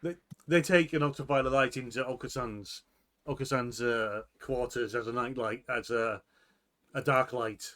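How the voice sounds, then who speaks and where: A man narrating as game master of a tabletop role-playing game, animated and quick to shift into character calls. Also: mid-range voice.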